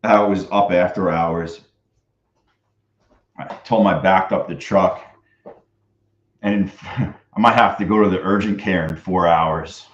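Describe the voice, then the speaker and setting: Running commentary from a live-streaming day trader: a young man whose very deep voice stays fairly even, moving at a measured pace with frequent pauses. He mutters crudely and loosely, breaking into banter now and then, and the dull, lo-fi audio echoes a little in a large room.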